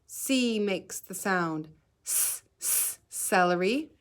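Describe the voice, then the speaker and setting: Kindergarten teacher, woman: slow, deliberate phonics drills with crisp letter sounds and gentle encouragement. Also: mid-range voice, animated. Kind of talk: phonics lesson for young children.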